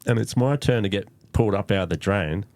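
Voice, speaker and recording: A man's voice: fairly low pitch, brisk, no room sound. A man telling loose, profane stories as a podcast guest. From Australia. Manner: loose, profane storytelling with lively quoted voices. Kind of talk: casual storytelling chat.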